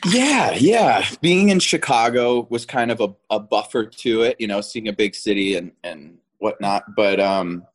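A man in his thirties talks as a guest in a relaxed interview. His voice sits somewhat low, and he laughs easily as he tells his stories, often restarting his sentences as he goes. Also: unhurried, hardly any pauses. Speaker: actor guest. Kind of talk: casual interview chat.

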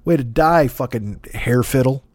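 A man's voice: medium pitch, normal speed, no echo. A man hosting a comedy podcast, rambling and swearing in a self-deprecating monologue. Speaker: podcast host.

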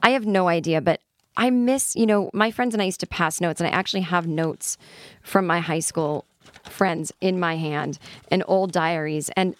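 A candid, self-deprecating woman with a lowish voice talks through a casual solo podcast, laughing now and then. She sounds middle-aged. Her voice is close to the mic in a dry, dead room with no echo. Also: moderate pace. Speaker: podcast host.

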